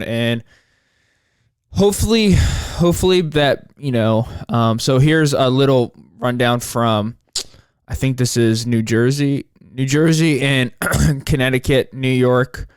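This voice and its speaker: A young man in his twenties talks through a solo podcast episode, frustrated and rambling, with frequent swearing. His voice is smooth and clear at a middling pitch. The sound is dry and close. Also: a little slow, dry recording. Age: 20s. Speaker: podcast host.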